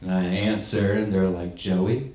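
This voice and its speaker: A man's voice: medium pitch, normal speed, a little mellow, reverberant, slight background noise, rough recording. A young man doing a stand-up set in a comedy club, telling stories in a laid-back, rambling way. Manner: laid-back stoner storytelling.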